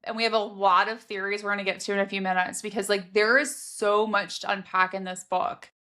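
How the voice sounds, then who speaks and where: A woman's voice: medium pitch, level tone, a little fast, pushed and bright. A woman co-hosting a casual book podcast, chatty and enthusiastic. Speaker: podcast co-host.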